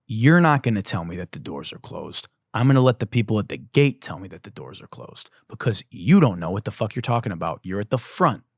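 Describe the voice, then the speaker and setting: A man hosting a podcast, telling a comic story as a profane, exasperated rant that bursts into shouting. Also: mid-range voice, no echo, clean studio sound. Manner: profane, exasperated, animated ranting with shouted outbursts. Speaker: podcast host.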